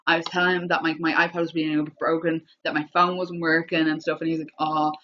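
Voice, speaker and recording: A woman, telling a rambling story on a live stream, with many restarts and excited repeats. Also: low-pitched, fast talker, a little hiss or hum. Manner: breathless, repetitive, excitable retelling. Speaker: livestreamer. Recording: dull lo-fi livestream audio.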